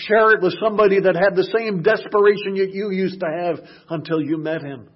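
A man preaching a sermon, dropping to hushed murmurs and rising to loud shouted passages. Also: high voice, fairly even intonation, brisk, dull audio.

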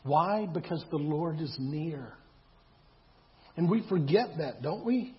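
High-voiced pastor preaching. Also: male voice, expressive, slow. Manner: conversational preaching with repeated words and rhetorical questions. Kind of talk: sermon. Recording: dull lo-fi sound.

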